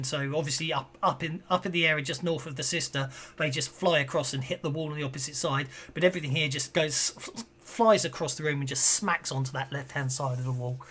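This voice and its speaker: A game master narrating a tabletop game in a rambling, self-correcting way. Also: mid-range voice.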